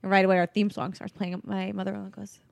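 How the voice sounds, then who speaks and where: Animated New woman telling stories. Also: mid-range voice, fast talker, creaky, dry recording. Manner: animated, laughs a lot, acts out voices in her stories. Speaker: podcast co-host. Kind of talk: casual storytelling chat.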